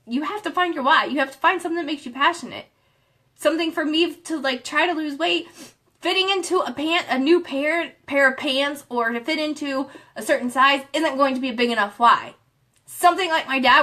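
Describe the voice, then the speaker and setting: A woman with a high, bright voice gives a fired-up motivational talk on a live stream. She is earnest and rambles, restarting her sentences as she pushes her viewers. She coaches an accountability group.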